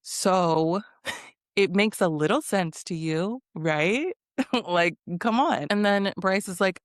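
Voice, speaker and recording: A woman's voice: lowish voice, unhurried, dry recording, studio quality. A woman giving a casual reality TV recap, blunt, sassy and profane, often breaking into laughter. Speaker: recap vlogger.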